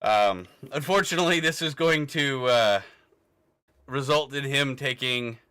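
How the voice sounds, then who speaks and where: Bright-voiced young game master. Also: male voice, mid-range voice, measured pace, clear, resonant tone. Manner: laughing often, hesitant fillers. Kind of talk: narrating a tabletop game.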